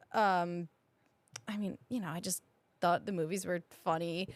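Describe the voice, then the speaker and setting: A woman co-hosting a podcast in casual chat, excited and gushing, swearing and laughing often. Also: lowish voice, unhurried, pauses often, no room sound. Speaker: podcast co-host.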